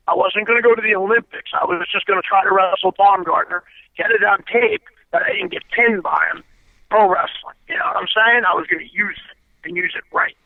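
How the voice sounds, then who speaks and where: A high-pitched, gravelly man tells his story bluntly, swearing and pressing each point as an interview guest. The sound comes through a thin, tinny phone line, dry with no room echo. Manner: blunt, profane, emphatic storyteller. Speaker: interview guest, former pro wrestler.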